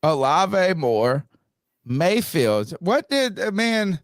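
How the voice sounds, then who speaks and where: A man's voice: high-pitched, sing-song, very slow, dry recording, clean studio sound. A man hosting a sports podcast, chatting casually and joking around. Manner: playful, joking. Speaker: podcast host.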